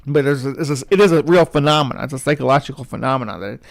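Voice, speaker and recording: A man's voice: medium pitch, very fast, vocal fry. A man hosting a live show, arguing casually with a video as it plays. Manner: argumentative, talks back to the clip. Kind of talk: casual live-stream chat.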